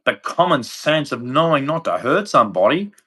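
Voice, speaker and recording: A man's voice: mid-range voice, big pitch swings, moderate pace, fairly bright tone, husky. An Australian man from Australia giving a blunt, rambling opinion rant to camera, swearing freely. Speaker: vlogger.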